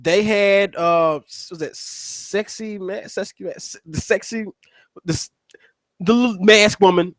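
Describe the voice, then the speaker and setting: Rambling, profane man with a high voice. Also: measured pace, fairly bright tone, no room sound, low-quality recording. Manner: rambling, profane, repeats words and restarts. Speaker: wrestling show host. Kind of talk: casual recap commentary.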